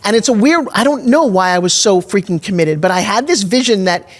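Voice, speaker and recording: A woman's voice: medium pitch, lively intonation, fairly quick. Candid, emphatic middle-aged woman. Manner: emphatic, candid, acts out her own past thoughts. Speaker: podcast guest. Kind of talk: personal storytelling in conversation. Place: studio in Nashville.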